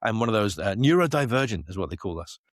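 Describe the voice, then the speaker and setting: The podcast guest, a space company CEO, is a middle-aged Isle of Man man whose lowish voice moves quickly. Telling stories animatedly, he acts out quoted dialogue. The recording is dry and studio quality.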